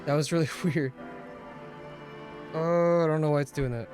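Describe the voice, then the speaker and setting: A man with a fairly high voice streams a game, talking at a moderate pace over game music. His live-stream commentary is casual and animated, full of swearing, ranting and laughs.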